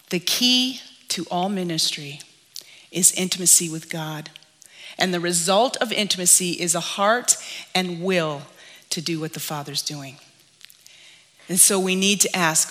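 A woman preaching, telling a personal story in an earnest, confessional way that sometimes sinks to a hushed whisper. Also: on the low side, unhurried, long reverb tail.

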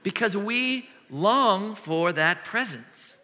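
A middle-aged man preaching a sermon as a pastor, telling stories with lively swings between loud and hushed. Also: high voice, slight background noise. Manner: animated storytelling with quick shifts from loud to hushed. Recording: long hall reverb.

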